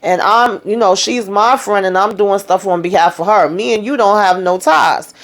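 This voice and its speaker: A woman's voice: mid-range voice, moderate pace. A woman hosting a casual TV recap, chatting loosely through the scenes and acting out the characters' lines as she retells them. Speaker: TV show recap host.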